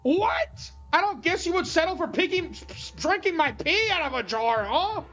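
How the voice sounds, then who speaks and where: A woman's voice: very high voice, expressive, fairly quick, fairly bright tone, highs cut off, pitched above the performer's own voice. A woman voicing a defiant young woman hostage with a sarcastic, profane way of talking. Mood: incredulous.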